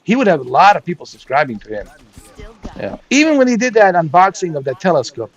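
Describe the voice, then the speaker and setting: Crude, lively man ranting. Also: sits high, fast, poor audio. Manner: crude, mocking, laughs often. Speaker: gaming streamer. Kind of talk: casual ranting commentary.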